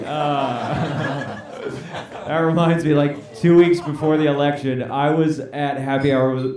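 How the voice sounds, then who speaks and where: A man doing a stand-up comedy set on a club stage, playfully bantering with the audience. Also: a little high. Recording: echoey club, mic at a distance, crowd noise. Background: audience laughter.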